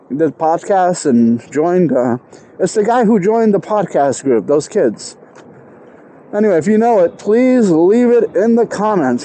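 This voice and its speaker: A man talks casually to camera outdoors, working hard to pronounce every word clearly. His voice is high yet mellow. Faint city traffic hums in the background. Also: poor audio. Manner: self-aware, trying hard to enunciate. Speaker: vlogger. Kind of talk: casual self-talk vlog. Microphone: clip-on mic.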